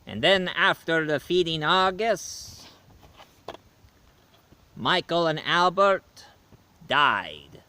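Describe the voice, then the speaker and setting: A man playing Dracula, a male vampire who is tired of killing, giving a slow, rambling video game review in character. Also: on the high side, pushed and bright, smooth, no room sound, exaggerated voice. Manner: slow, rambling, self-correcting.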